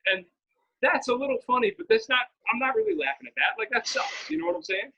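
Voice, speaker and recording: A man in his thirties telling a story on a casual podcast, animated and laughing often. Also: very high-pitched, fast talker, creaky, breathy edge. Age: 30s. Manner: animated, laughs often, acts out quoted lines. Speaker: podcast co-host. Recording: dull lo-fi podcast audio.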